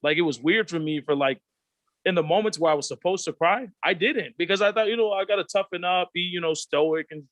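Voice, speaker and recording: A man's voice: sits high, brisk, a bit bright, no echo. Earnest man on a video-call panel. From Pacific Islands. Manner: reflective, earnest, acts out quoted voices. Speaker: panel guest. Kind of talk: candid panel discussion.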